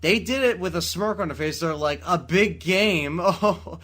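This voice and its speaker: Excitable man with a bright voice. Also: sits high, normal speed. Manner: excitable, swears freely, laughs a lot. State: tired from talking at four in the morning. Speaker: podcast host. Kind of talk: casual late-night gaming podcast chat.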